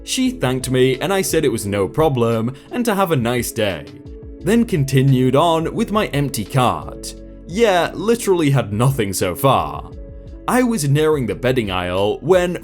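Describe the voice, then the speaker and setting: A man narrating a reddit story as a storytime channel host, in a lively, wry manner. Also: mid-range voice, unhurried, soft background music.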